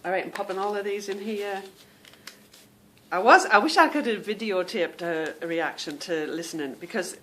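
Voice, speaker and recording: Chatting casually at home for her podcast, this host addresses listeners as "girl" and "girlies." She has a mid-range, fairly bright voice and a moderate pace. A bit of background noise can be heard.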